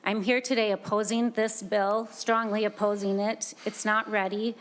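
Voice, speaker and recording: A woman's voice: mid-range voice, little pitch movement, normal speed, hardly any pauses. A woman from Minnesota, a small business owner, giving earnest, emphatic testimony before a legislative committee and repeating her key points. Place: legislative hearing room.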